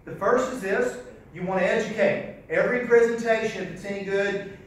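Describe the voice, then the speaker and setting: A man teaching a live sales seminar in a folksy, animated way, repeating his key phrases. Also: high voice, normal speed, a little hiss or hum. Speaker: sales trainer. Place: large echoey hall. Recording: echoey hall, voice from far off.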